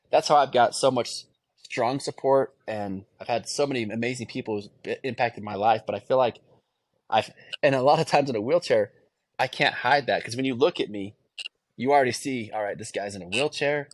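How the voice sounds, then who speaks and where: A man's voice: mid-range voice, normal speed, dry recording. A man in his thirties, a guest in an interview, talking earnestly and reflectively and often restarting his phrases. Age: 30s. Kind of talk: candid conversational interview.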